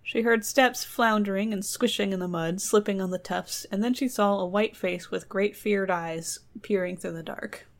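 A woman's voice: mid-range voice, fairly even intonation, normal speed, hardly any pauses. A woman reading a folk tale aloud and breaking off into joking asides. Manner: joking digressions, trailing off. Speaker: storyteller host. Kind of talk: casual storytelling with asides.

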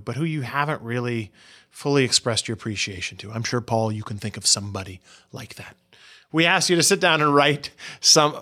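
A man being interviewed as a researcher, explaining his findings in an animated way and often restarting words. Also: medium pitch. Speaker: guest researcher. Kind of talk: interview answers.

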